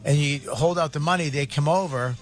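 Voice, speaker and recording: A middle-aged man rambles through a raunchy story on a comedy talk show, slipping into quick put-on voices for the people he quotes. His delivery is loose and casual, with laughter breaking in. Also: fairly high pitch, faint music behind. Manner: crude, animated anecdotes with quoted voices. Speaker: co-host.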